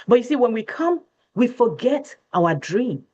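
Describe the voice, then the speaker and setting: Lively seminar presenter. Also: medium pitch, measured pace, a little hiss or hum. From West Africa. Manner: preachy, repeats points, asks the audience rhetorical questions. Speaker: financial education presenter. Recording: dull lo-fi recording.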